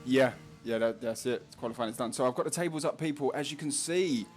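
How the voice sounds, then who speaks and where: A man's voice: medium pitch, fast talker, faint music behind. A man with a Cockney accent giving casual, jokey live race commentary, laughing often.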